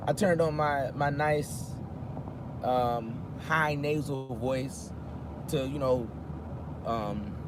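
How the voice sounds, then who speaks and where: A man in his fifties chatting loosely on a live stream from his car, reading viewer comments as he drives. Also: fairly high pitch. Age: 50s. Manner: talks loosely, reads viewer comments aloud. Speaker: rideshare driver livestreaming. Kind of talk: casual live-stream chat. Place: inside a car with the window down. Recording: loud street traffic noise.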